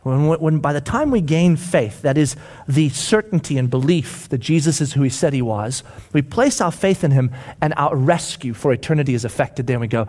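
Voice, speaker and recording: Preacher guy, kinda high voice, goes big and loud then drops to a whisper. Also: lively intonation, moderate pace. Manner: dramatic, acts out voices, swings from loud to whispered. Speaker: pastor. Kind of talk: sermon.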